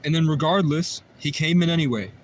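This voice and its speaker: A man's voice: on the high side, brisk, slight background noise. A man on a livestream telling a long personal story in a rambling, repetitive way, often restarting his sentences. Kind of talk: livestream monologue.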